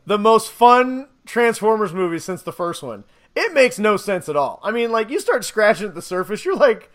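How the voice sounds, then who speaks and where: High-voiced man rambling excitedly. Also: moderate pace. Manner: rambling, excited, laughs often. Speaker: podcast co-host reviewing a movie. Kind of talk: casual podcast chat.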